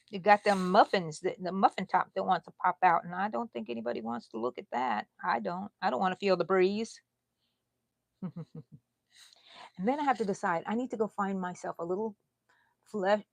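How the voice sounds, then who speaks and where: A middle-aged Texan woman hosting a casual crochet livestream, chatty, laughing often and drifting into soft asides. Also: medium pitch, creaky, no room sound. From Texas. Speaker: crochet channel host.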